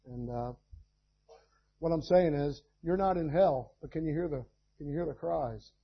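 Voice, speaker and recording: A man preaching a sermon, telling stories and then rising in loud bursts of emphasis. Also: a little high, moderate pace, vocal fry, husky, lo-fi sound. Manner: preaching with sudden loud climbs.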